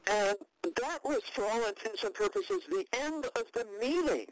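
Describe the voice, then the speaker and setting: An older woman recounting a past event in an interview, halting and measured with many fillers and restarts, and a wry, dry understatement. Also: sits high, very animated, creaky, a little hiss or hum, low-quality recording.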